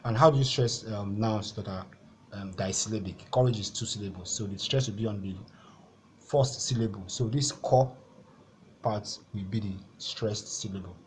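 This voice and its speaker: A man's voice: lowish voice, normal speed, darkish tone, slight background noise. A Nigerian man teaching an exam-prep lesson at a board, patiently repeating each point and filling gaps with "okay".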